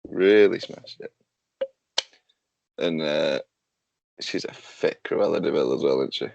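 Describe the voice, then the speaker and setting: Man, podcast host, casual sweary chat, deep voice, lo-fi dry recording. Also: slow, vocal fry, darkish tone, no echo. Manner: loose, sweary, joking.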